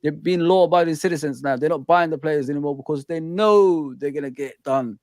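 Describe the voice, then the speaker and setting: Man, fairly high voice, casual slangy football banter, dry sound. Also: brisk, a little mellow, dry recording. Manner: laid-back, slangy, opinionated banter. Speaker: host of a football reaction show. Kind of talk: casual chat.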